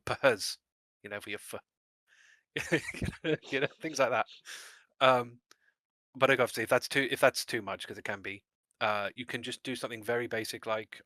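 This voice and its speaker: A man's voice: mid-range voice, sharp tone, no echo. A man co-hosting a casual discussion about game mastering, rambling a little with restarts and small laughs.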